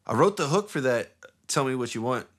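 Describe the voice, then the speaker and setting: A man's voice: medium pitch, lively intonation, brisk, a bit bright. A man co-hosting a casual podcast, laid-back and rambling, swearing freely as he chats in a studio. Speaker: podcast co-host, rapper. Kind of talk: casual chat. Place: recording studio.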